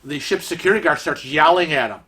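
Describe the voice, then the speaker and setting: A chatty man telling a travel story in a casual vlog, full of fillers and animated asides. His voice is bright and sits a little high. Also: fast. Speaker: vlogger.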